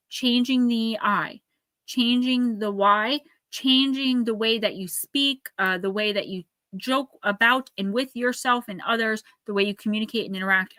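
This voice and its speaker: A woman reading oracle cards live for her viewers, with a bright, clear tone. She sounds earnest and caring and talks to people by name. The sound is dry and close, with no room echo. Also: fairly high pitch. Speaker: oracle card reader.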